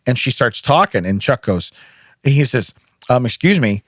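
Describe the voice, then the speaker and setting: A man's voice: on the low side, lively intonation, moderate pace, no room sound, clean studio sound. Easygoing male podcast host telling stories. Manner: easygoing storyteller, acts out quotes. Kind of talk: casual chat, anecdote telling.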